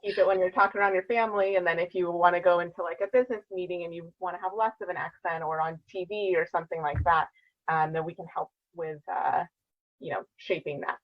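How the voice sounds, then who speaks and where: A woman's voice: lowish voice, steady tone, fast, dull audio. A woman speech-language pathologist, a guest in a casual interview, explaining in a friendly way with many fillers.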